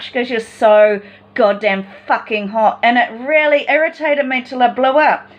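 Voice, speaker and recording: A woman's voice: high voice, fairly bright tone, dull audio. A woman in a personal vlog monologue, talking in an agitated, rambling and distressed way.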